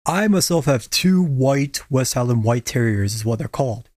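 A man in casual conversation, talking at a middling pitch and recapping a show in a loose, profane way. His voice is dry and close, with no room sound around it. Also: no echo. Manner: profane, animated recapping with quick impressions. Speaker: podcast co-host. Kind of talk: casual chat.

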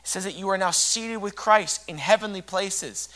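High-voiced, bright male preacher. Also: normal speed. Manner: impassioned, swings from hushed to shouting. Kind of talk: sermon.

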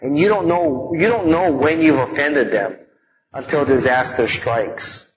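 A man teaching a live audience in a relaxed, conversational way, mixing in stories from growing up and frequent fillers. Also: fairly high pitch, measured pace, highs cut off. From Hawaii.

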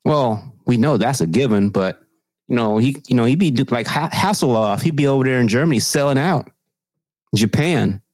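A man co-hosting a casual podcast chat, telling stories in a profane, animated way. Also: medium pitch, moderate pace, dry recording. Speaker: podcast co-host.

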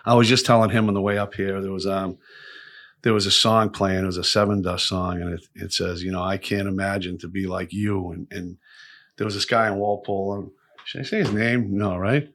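A man's voice: sits low, fairly even intonation, fairly quick, a bit bright. A middle-aged man hosting a podcast, telling stories in a rambling way full of restarts and fillers. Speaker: podcast host. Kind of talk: casual storytelling chat.

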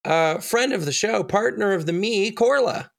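A woman co-hosting a podcast in casual chat, slightly hoarse as she gets over laryngitis, joking and giggling often. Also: medium pitch, animated, moderate pace. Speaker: podcast co-host.

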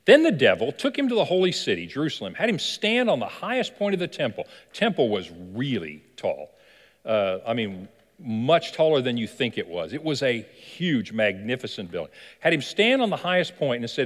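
A man's voice: mid-range voice, very animated, moderate pace. A man preaching a sermon as pastor, telling a story animatedly and asking the listeners questions. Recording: long hall reverb.

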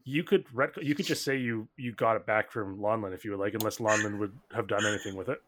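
A man's voice: on the low side, steady tone, fast talker, crowd noise. A man narrating as game master of a tabletop game, in a rambling way with many fillers. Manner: rambling, filler-heavy, laughs often.

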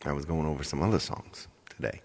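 A man's voice: rumbling low, fast talker, darkish tone. A man singer chatting casually with viewers on a live stream, rambling and repeating his phrases.

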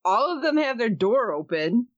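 A woman's voice: on the high side, no room sound. A woman hosting a podcast in a casual, joking chat, laughing often as she recaps a TV episode. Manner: animated, joking, quick to laugh. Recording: slightly dull, dry sound.

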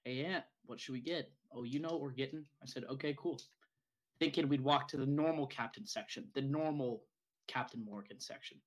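A young man chatting loosely on a podcast, telling a long, rambling story. His voice sits at an ordinary pitch, and he swears often in a relaxed, unscripted way. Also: brisk, poor audio. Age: young adult. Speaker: podcast co-host. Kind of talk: casual chat.

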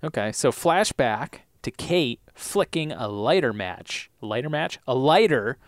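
A man's voice: mid-range voice, measured pace, no echo, clean studio sound. A man co-hosting a podcast, chatting casually as he recaps TV episodes, laughing often and acting out lines. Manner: animated, laughs often, acts out characters' lines. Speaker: podcast co-host.

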